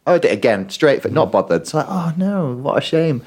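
A man's voice: a little high, very animated, a little fast, darkish tone, husky. A man, co-hosting a casual podcast, telling a dry story and acting out a child's replies. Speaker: podcast co-host, primary school teacher. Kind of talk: casual chat.

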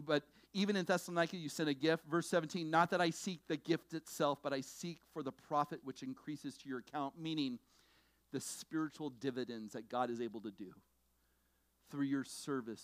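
A middle-aged male pastor preaching a sermon, swinging between loud bursts and low, intense passages. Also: no echo. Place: church sanctuary.

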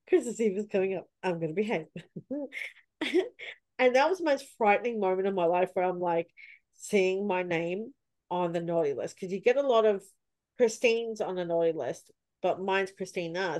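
A woman hosting a casual podcast chat, telling stories and acting out her own reactions. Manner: animated, acts out her own past reactions with sudden high cries. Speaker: podcast host.

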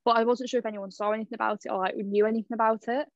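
A young woman co-hosting a podcast, chatty and quick, laughing easily in casual talk. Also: fairly high pitch, fairly even intonation, no room sound, lo-fi sound. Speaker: podcast co-host. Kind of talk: casual chat.

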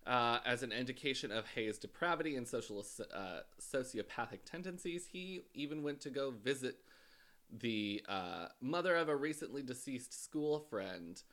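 A man casually telling a true-crime story as a podcast host, halting often with filler sounds. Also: medium pitch, animated, a bit bright.

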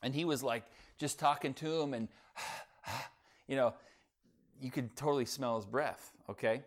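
A man's voice: mid-range voice, measured pace. A middle-aged man, a pastor giving a sermon in a church in a conversational, folksy way, telling a humorous family story.

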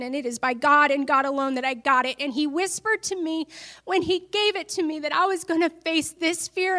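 High-pitched lady preacher, earnest, gets emphatic and tells her own story. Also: a bit bright. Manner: earnest, building to emphatic declarations. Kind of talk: sermon.

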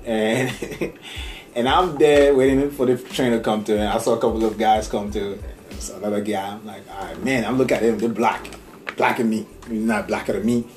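A man from Nigeria with a Nigerian accent, telling stories in a rambling, animated casual chat and laughing often. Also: lowish voice, normal speed. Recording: echoey room, faint music.

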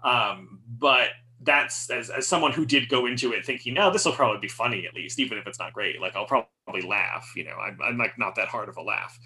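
A man's voice: lowish voice, a little fast, hardly any pauses, pushed and bright, rough recording. A man chatting casually about movies, opinionated and rambling with some swearing. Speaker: podcast co-host. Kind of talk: casual film discussion.

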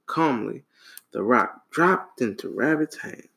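A man reading a folktale aloud to a child, animated and relaxed, with casual asides. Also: mid-range voice, takes it slowly, gravelly. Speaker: storyteller.

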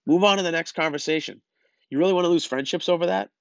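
A man rants bluntly at his listeners, exasperated and lecturing. His voice sits a bit high for a man. The recording is dry and a touch muffled. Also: fast, creaky, no echo. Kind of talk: opinion rant.

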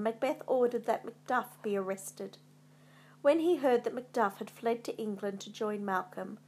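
A woman narrates a classic tale slowly and deliberately, taking her time over each sentence. Her voice sits a little high for a woman. She reads in a calm, measured storybook manner. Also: husky. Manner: measured, unhurried storybook reading.

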